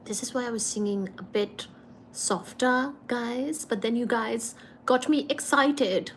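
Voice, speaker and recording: A woman hosting a casual livestream, reading out and thanking viewers' comments, with frequent laughs and throat-clearing. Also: a little high, measured pace, slight background noise. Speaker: livestream host.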